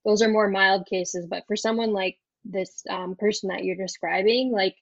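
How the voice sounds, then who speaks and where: A woman's voice: medium pitch, fairly even intonation, normal speed, creaky, dry recording, dull audio. A woman from South Dakota with an Upper Midwest accent, a pharmacist guest chatting casually in an interview and laughing often. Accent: Upper Midwest, Minnesotan.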